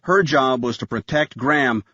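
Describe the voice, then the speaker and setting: A man's voice: medium pitch, moderate pace, pushed and bright, no echo, highs cut off. Man narrating a tense thriller audiobook. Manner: tense thriller reading, voices characters.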